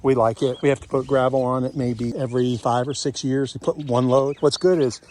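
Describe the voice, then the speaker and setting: A man's voice: mid-range voice, steady tone, a little fast, darkish tone. Middle-aged kentucky guy doing a chatty house tour, kinda winded, jokey, faint noise behind. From Kentucky, USA. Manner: folksy, joking, chatty. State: winded from walking uphill. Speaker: real estate investor vlogger. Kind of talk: casual walking home tour. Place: outdoors and inside a house on a property tour.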